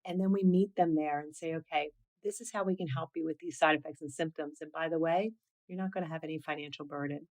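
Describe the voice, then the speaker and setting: A middle-aged woman speaks earnestly in an interview about the nonprofit she founded. Her voice sits a little low. She tells her story in an animated, personal way, often filling with "you know". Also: quick pace, low-quality recording. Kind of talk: conversational interview.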